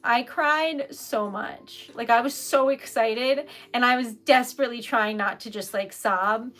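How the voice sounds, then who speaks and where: A woman's voice: a little high, a little slow, fairly bright tone. Giggly, rambling woman livestream host. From New England. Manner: giggly, emotional, rambling with fillers. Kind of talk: casual chat with live viewers.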